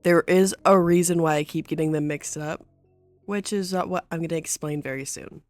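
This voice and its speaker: A woman's voice: deep voice, steady tone, normal speed, darkish tone, dry recording, faint music behind. A woman vlogger recapping a series in casual, rambling chat, full of filler words. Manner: chatty and rambling, full of "like", with laughs and swearing.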